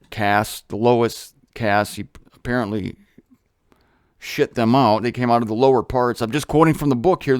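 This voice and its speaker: Male host, casual Bible talk with quips, smooth resonant voice, dry close sound. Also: mid-range voice, dry recording. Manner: chatty, jokey asides, animated emphasis.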